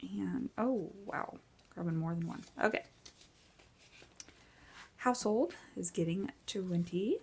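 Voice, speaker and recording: A woman's voice: on the low side, takes it slowly, pauses often, a little hiss or hum. A woman in her forties chatting casually and upbeat while she counts cash into budget envelopes, tired from little sleep. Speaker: budgeting vlogger.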